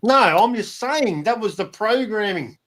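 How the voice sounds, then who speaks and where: A man's voice: sits high, expressive, unhurried, a bit bright, poor audio. A middle-aged Australian man hosting a live stream chat, blunt and sweary, tagging "right?" and "mate" onto his sentences. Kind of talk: casual chat.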